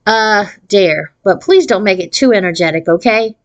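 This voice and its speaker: A woman's voice: mid-range voice, normal speed, dull audio, natural voice. A woman voicing a bold, slightly theatrical fifth-grade girl in a storybook read aloud.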